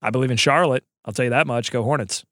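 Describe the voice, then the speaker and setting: A man's voice: mid-range voice, fast talker, fairly bright tone, dry recording, clean studio sound. A man co-hosting a sports podcast, talking in a loose, joking, rambling way about basketball. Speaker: podcast co-host. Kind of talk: casual sports podcast chat.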